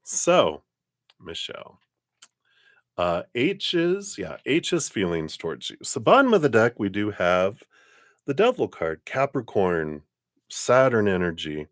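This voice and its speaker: A man's voice: lowish voice, sing-song, slow, no room sound, studio quality. A man doing a live-stream tarot card reading, rambling with many fillers, self-corrections and frequent laughs. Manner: laughs often between remarks.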